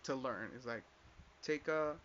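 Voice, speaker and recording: This young man, a podcast host, has a medium-pitched, slightly bright voice and an unhurried delivery. He tells a personal story as a casual, rambling rant, filling gaps with filler words and swearing as he quotes others, over dull lo-fi audio with faint noise.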